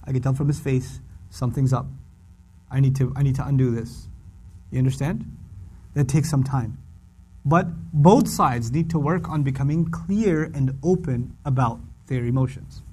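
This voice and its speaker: A middle-aged man giving a humorous religious lecture, animated and repeating lines for emphasis. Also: medium pitch, a little slow, long pauses, breathy edge. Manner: animated, acts out quoted voices, repeats for emphasis. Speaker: Quran teacher.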